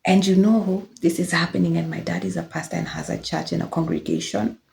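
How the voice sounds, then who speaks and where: A woman's voice: lowish voice, fairly even intonation, brisk, creaky. A young woman, candidly telling her own life story in a reflective, casual way. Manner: reflective, candid, with soft laughs and fillers. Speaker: vlogger sharing personal testimony.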